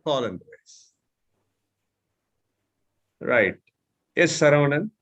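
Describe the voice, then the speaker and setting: A man's voice: on the high side, sing-song, slow pace, a bit bright, dull audio. A man with an Indian English accent mentoring a speaking class over a video call, patiently showing tones by example. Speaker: speech mentor. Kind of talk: online mentoring session.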